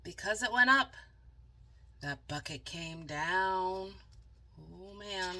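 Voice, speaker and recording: A woman reading a picture book aloud as a channel host, dramatic and animated, stopping for chatty asides to viewers. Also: lowish voice, slow pace, slight background noise. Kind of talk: storybook read-aloud with asides.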